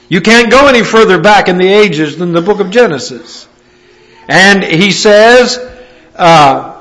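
A male preacher delivering a sermon, reading scripture aloud in a measured, emphatic way. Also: sits high, a bit bright.

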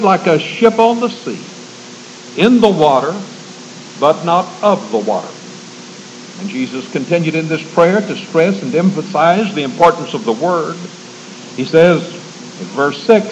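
Earnest man preaching a measured sermon. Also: high voice, a little hiss or hum, low-quality recording.

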